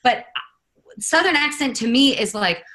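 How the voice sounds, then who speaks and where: Host: woman from California, enthusiastic and reflective, quick to laugh, conversational interviewer. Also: sits high, animated, bright, forceful tone. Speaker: podcast host. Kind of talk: podcast interview.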